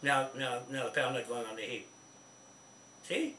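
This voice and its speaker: A man's voice: medium pitch, moderate pace, pushed and bright. Rambling New Zealand man, echoey and distant. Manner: rambling, many restarts and repeated words; insistent, keeps asking "see?". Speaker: speaker on a phone call. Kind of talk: rambling phone chat. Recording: echoey, distant, faint hiss.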